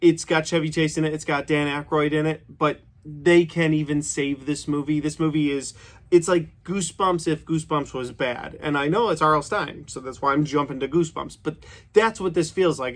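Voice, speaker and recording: A man's voice: a little high, moderate pace. A man in his thirties giving a casual, opinionated horror movie review, chatty and full of "like". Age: 30s.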